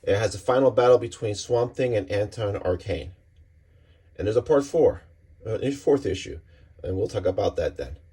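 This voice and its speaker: A comic book reviewer pages through an issue one spread at a time, relaxed and rambling, with lots of fillers. His voice is lowish and slightly rough, and he speaks at a moderate pace.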